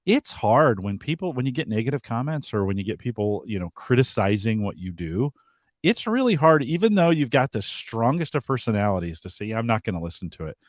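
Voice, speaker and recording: A man's voice: mid-range voice, very animated, fairly quick, no room sound, clean studio sound. A man co-hosting a live podcast, giving advice in a reflective, thinking-aloud way. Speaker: podcast co-host.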